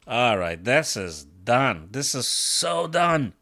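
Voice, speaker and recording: A man talking his way through a live chess game at an unhurried, drawn-out pace. He mocks himself and breaks into sudden exclamations, with a voice of middling pitch. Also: animated, pushed and bright. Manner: self-mocking, bursts into exclamations. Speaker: chess coach streaming his games. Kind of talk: thinking aloud while playing live chess.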